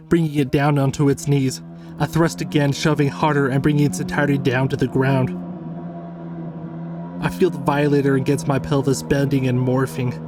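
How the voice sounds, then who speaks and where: Man narrating a tense horror tale. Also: medium pitch. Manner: tense, measured first-person storytelling.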